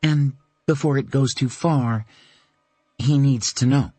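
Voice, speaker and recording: A male narrator voicing a woman in her early thirties, a gentle but firm mother, speaking a bit higher than his own voice. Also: steady tone, slow pace, dry recording, soft background music. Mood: tender. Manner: gentle and earnest, turning firm.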